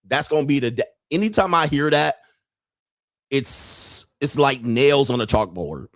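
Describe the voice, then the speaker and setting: A man's voice: mid-range voice, lively intonation, moderate pace, dry recording. Brash ranting man, very dry sound. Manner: brash, ranting, laughs often, mimics people. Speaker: podcast host. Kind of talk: profane livestream monologue.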